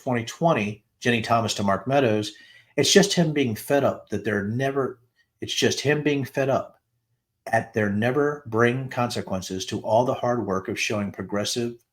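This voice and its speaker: A middle-aged man hosting a podcast, reading a long string of text messages aloud, announcing each date flatly before lifting his voice for the quoted lines. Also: mid-range voice, measured pace. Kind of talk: dramatic reading of texts with asides.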